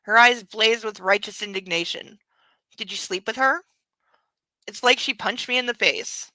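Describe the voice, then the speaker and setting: A woman's voice: fairly high pitch, moderate pace, bright, forceful tone, no echo, rough recording. A woman hosting a book club, reading a novel aloud and breaking off with mocking, laughing commentary. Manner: mocking asides between read passages; laughs often.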